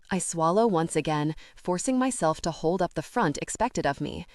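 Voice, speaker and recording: A woman with a low voice reads an audiobook in the first person. Her storytelling is steady and even, and the sound is close and dry. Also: moderate pace, hardly any pauses, no echo. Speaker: audiobook narrator. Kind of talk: scripted narration.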